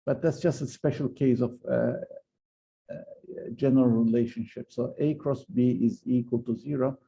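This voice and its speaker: Male physics lecturer, gravelly and very dark tone, hesitant delivery, muffled lo-fi recording. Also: medium pitch, fairly even intonation, normal speed. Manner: hesitant, many fillers and restarts. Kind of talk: university lecture.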